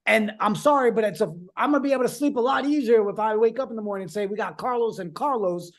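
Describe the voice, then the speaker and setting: A woman hosting a casual sports fan show, upbeat and teasing, often talking in quick bursts. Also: fairly high pitch. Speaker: host. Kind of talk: casual sports podcast chat.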